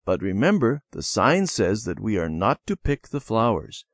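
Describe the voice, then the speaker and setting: A man's voice: lowish voice, very animated, normal speed, no echo. A man voicing a responsible twelve-year-old girl who firmly looks after younger children. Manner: firm, scolding.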